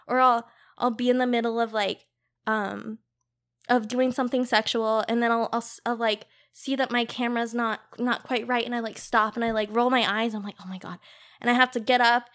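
A woman's voice: on the high side, level tone, a little fast, fairly bright tone. A young woman guest telling funny stories in a casual, giggly podcast chat, full of "like". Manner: giggly, storytelling with lots of "like". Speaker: guest, cam model.

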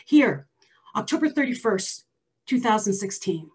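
A woman in her forties telling her own story in an emphatic way, sometimes dropping to a hushed near-whisper for stress. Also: mid-range voice, big pitch swings, measured pace, breathy edge. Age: 40s. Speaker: storyteller sharing a personal health story. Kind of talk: personal storytelling.

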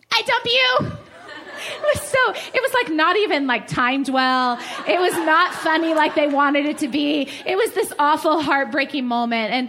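A woman in her forties, a pastor, preaching to a women's gathering in an animated, laughing storytelling manner. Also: sits high.

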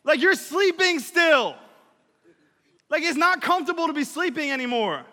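Man doing panicked yelling disciples, high shrill voice, long hall echo. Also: lively intonation, moderate pace, heavily acted. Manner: yelling, frantic, drawn out. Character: panicking male disciples in a storm. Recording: reverberant hall.

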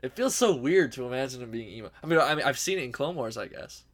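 Young woman co-host, strikingly deep voice, easygoing and teasing. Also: animated, quick pace. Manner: laid-back, teasing, laughs often. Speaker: podcast co-host. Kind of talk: casual chat.

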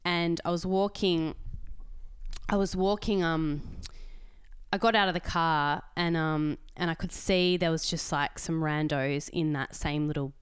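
Young Australian woman, podcast co-host, lowish smooth voice, dry close sound, lively storytelling. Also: unhurried, no room sound. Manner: animated storytelling, acts out quoted voices. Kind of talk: casual chat.

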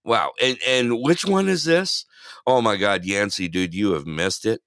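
A man's voice: lowish voice, a little slow, fairly bright tone, smooth, no echo, clean studio sound. A man co-hosting a casual podcast chat who laughs often and keeps repeating his own catchphrases. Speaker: podcast co-host.

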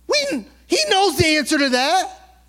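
Man, pastor, sermon, high-pitched, animated, conversational, colloquial. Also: a little slow.

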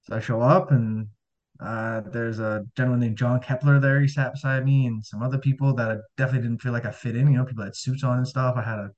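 A man's voice: medium pitch, little pitch movement, fast talker, a little mellow. A man, a podcast guest telling his life story in a rambling casual way, full of fillers and acted-out dialogue. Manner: rambling, heavy on fillers, acts out quoted dialogue. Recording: dull lo-fi audio.

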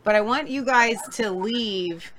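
A woman's voice: a little high, measured pace, a bit bright, slight background noise. A woman co-hosting a faith talk show, speaking with eager enthusiasm and often repeating words. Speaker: co-host.

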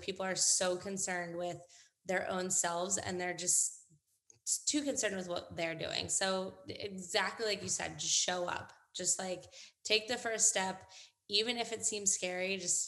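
A woman's voice: lowish voice, fairly even intonation, normal speed, a bit bright. A young adult woman, a hair educator, chatting casually as a podcast guest, agreeable and upbeat. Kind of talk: casual interview chat.

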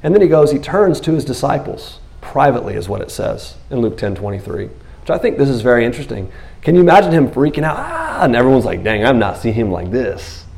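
Man pastor, gravelly voice, lively sermon full of acted-out quotes. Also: medium pitch, fast. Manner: animated preaching, acts out biblical scenes in quotes.

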